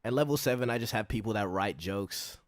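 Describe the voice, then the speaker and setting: Deep-voiced man narrating over music. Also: brisk, no echo. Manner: dry, explanatory, ranking comedy levels. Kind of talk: scripted commentary video narration. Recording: played-back video with background music.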